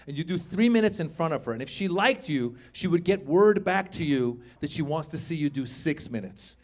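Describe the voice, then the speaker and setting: A man's voice: fairly high pitch, expressive, normal speed. A middle-aged man doing a stand-up comedy set in a club, telling a story and acting out other people's lines. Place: comedy club stage with live audience.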